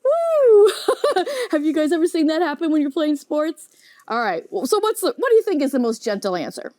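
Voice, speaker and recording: A woman teaching a children's Bible lesson, animated and often asking the kids questions. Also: sits high, fast talker, no echo.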